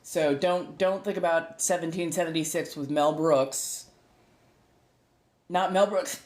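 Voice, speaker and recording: Chatty American streamer woman, low voice, loose rambling delivery, roomy echo. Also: steady tone, measured pace, long pauses, a little mellow. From United States. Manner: rambling, laughs often, self-correcting. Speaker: streamer and tarot reader. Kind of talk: casual chat to live viewers. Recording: echoey room.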